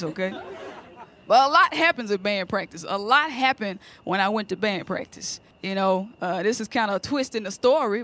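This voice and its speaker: A woman's voice: medium pitch, a little hiss or hum. A woman doing a stand-up comedy set, telling stories with slang and laughing often. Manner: laughing, animated storytelling with slang.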